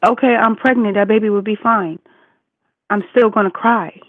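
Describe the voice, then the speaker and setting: A woman's voice: mid-range voice, steady tone, moderate pace, no room sound. Woman, forties, caller, emphatic, reassuring, tinny phone line, dry sound. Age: 40s. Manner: emphatic, reassuring, repeats for stress. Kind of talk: casual consoling chat. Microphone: phone call.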